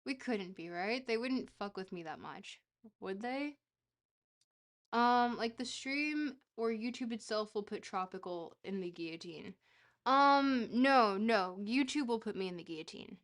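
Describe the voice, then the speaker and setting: A woman's voice: on the high side, lively intonation, unhurried, fairly bright tone. A woman streamer chatting casually while playing a geography game, rambling and joking with a bit of casual swearing.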